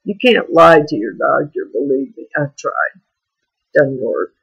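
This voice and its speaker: Raspy, slow-talking, frank video diarist. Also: mid-range voice, very animated, fairly bright tone, lo-fi sound. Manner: frank, rambling, confessional. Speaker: vlogger. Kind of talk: candid personal video diary.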